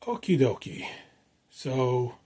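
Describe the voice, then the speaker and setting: A man with a mellow, slightly husky voice talks his way through a home workout video. He takes his time, cracks jokes and counts reps out loud at an unhurried pace. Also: mid-range voice, lively intonation. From United States. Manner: joking, counts reps aloud. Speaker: fitness vlogger. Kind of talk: casual workout vlog.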